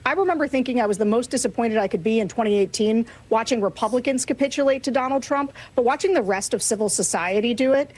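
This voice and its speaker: A woman's voice: fairly high pitch, fast talker, hardly any pauses, darkish tone. A woman guest giving political commentary in a frustrated, earnest way.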